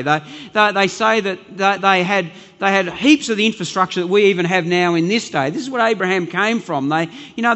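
A man's voice: high voice, fairly bright tone, long reverb tail. A man preaching a sermon as pastor, earnest and emphatic, often repeating words as he builds his point.

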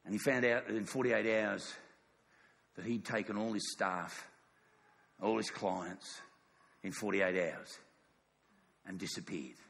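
A man's voice: on the low side, fairly even intonation, measured pace, creaky, pauses often, fairly bright tone, long reverb tail. A middle-aged man preaching a sermon in a church, emphatic and repetitive, often asking the congregation "yes or no?". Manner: emphatic, repeats phrases, asks congregation "yes or no?". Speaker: pastor.

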